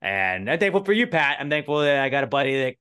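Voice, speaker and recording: A young adult man co-hosting a podcast in casual, laid-back talk, swearing freely and speaking warmly to listeners. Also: mid-range voice, sing-song, quick pace, smooth. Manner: laid-back, profane, heartfelt. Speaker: podcast co-host.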